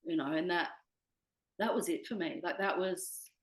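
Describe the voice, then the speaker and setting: A woman's voice: fairly low pitch, normal speed, roomy sound, poor audio. A young woman speaking candidly as an interview guest, swearing freely and quoting herself. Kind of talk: candid personal conversation.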